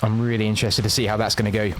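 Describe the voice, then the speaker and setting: Man, game shoutcaster, quick play-by-play, faint gunfire behind. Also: lowish voice, a little hiss or hum. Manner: quick, excitable play-by-play with casual asides to chat. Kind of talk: live esports commentary.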